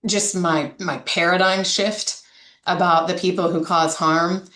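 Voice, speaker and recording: Woman, coalition director, candid interview storyteller; lower voice, roomy echo. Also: fairly even intonation, measured pace, fairly bright tone. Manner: storytelling, frequent fillers and restarts. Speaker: domestic violence coalition director.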